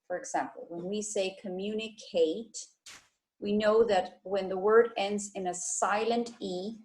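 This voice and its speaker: A woman teacher with a Guatemalan Spanish accent, slowly and patiently explaining spelling and word stress in a recorded online lesson. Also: medium pitch, a little mellow, rough recording. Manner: slow, patient, repeats words to model stress.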